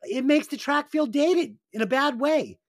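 Profane, animated male podcast host. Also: very high-pitched, unhurried, dry recording, studio quality. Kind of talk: casual podcast chat and album review.

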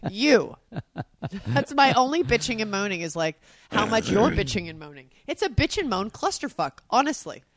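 Animated woman with lively swinging pitch. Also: a little fast. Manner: animated, acts out quotes, swears freely. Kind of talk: casual chat with spouse.

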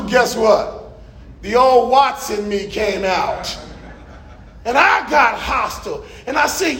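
A middle-aged man preaches in a church with a very high voice that keeps a gravelly edge. He pushes his points into shouted bursts and keeps calling out to the congregation for answers. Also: animated, unhurried. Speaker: pastor. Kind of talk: sermon.

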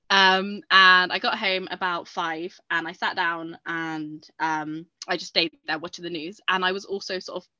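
A woman co-hosting a podcast in casual chat, telling stories animatedly and acting out her own shouts. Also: mid-range voice, no room sound, highs cut off. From England. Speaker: podcast co-host.

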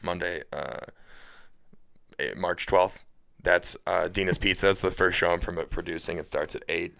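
A young man from the Cleveland area, a comedian guest talking in an excitable, rambling way in a casual podcast chat. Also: sits low, moderate pace, vocal fry. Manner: excitable, rambling, repeats words.

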